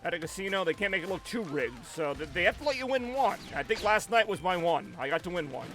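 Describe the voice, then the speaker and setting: High-voiced man, always sounding angry. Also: quick pace, soft background music. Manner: sounds angry even when he is not; rambling, animated. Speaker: live streamer. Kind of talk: casual live-stream chat. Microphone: headset.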